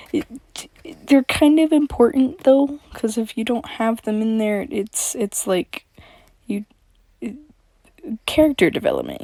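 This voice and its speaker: A young woman reads her own story aloud at an unhurried pace. She rambles casually with many fillers, in a dry, close recording. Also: medium pitch, dark tone, no echo. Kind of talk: casual chat and story reading.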